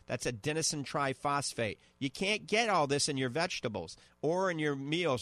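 A man's voice: medium pitch, a bit bright, dry recording. A man with a New Orleans accent hosting a call-in radio health show, chatting enthusiastically and giving recommendations. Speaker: radio show host and eye doctor. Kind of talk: casual call-in radio chat.

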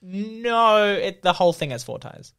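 A man's voice: sits high, expressive, measured pace, fairly bright tone, smooth. An Australian man co-hosting a comedy podcast, telling rambling stories and laughing often. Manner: rambling storyteller, laughs a lot. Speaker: co-host. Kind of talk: casual comedy podcast chat.

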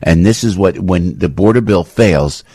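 A man hosting a talk radio show, ranting in an animated, opinionated way with loud outbursts. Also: low voice, moderate pace, slightly rough, no room sound. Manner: animated, breaks into loud outbursts and mocking voices.

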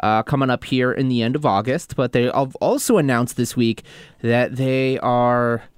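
A man's voice: medium pitch, steady tone, moderate pace, clear, resonant tone, no echo. A man co-hosts a metal radio show, running through band news in loose, casual chat. His jokes are crude and offhand, and his mid-range voice sits dry and close to the mic.

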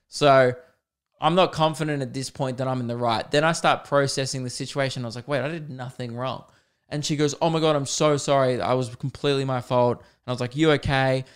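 Bloke, young, smooth clear voice, animated comic storyteller, swears a lot. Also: male voice, medium pitch. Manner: animated, self-mocking, swears freely. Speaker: podcast host. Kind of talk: comedic storytelling.

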